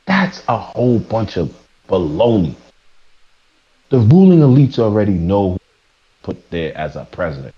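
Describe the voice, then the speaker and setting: A man's voice: on the low side, big pitch swings, moderate pace, long pauses, highs cut off. A man streaming live, ranting preachily to his chat, stumbling and restarting as he presses his points. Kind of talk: casual rant to a live chat.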